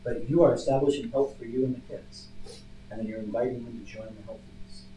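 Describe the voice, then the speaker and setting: A man's voice: mid-range voice, brisk. Male pastor, conversational teacher and storyteller, recorded from across an echoey church room. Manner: conversational, storytelling, animated emphasis. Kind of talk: church Bible study teaching. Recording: echoey room from far off, faint hum.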